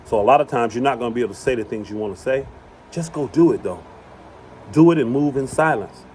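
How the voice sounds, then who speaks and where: A man's voice: medium pitch, fast, darkish tone, a little hiss or hum. Emphatic man preaching outdoors. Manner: emphatic, repeats phrases for emphasis. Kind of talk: impassioned religious monologue. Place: outdoors on rural property.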